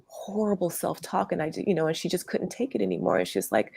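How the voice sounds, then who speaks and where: A woman interview guest who teaches workshops, talking gently in a meandering way with lots of fillers and restarts. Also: fairly low pitch, very animated, quick pace, gravelly, few pauses, husky, no echo. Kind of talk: conversational interview.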